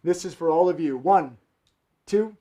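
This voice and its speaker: A man's voice: fairly high pitch, unhurried, dark tone. A man hosting a live variety show from a room at home, joking through his fire tricks. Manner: jokey, playful, theatrical asides. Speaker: host and fire performer.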